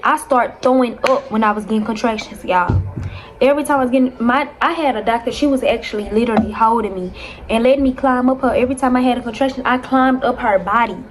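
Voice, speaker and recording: Animated young woman telling a storytime. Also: a little high, quick pace. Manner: animated, dramatic retelling with constant "y'all". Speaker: vlogger. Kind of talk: casual storytime to viewers.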